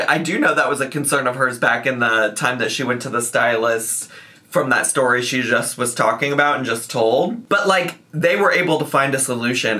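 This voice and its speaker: A man's voice: mid-range voice, pushed and bright. A man giving casual reaction commentary, rambling and full of "like" fillers.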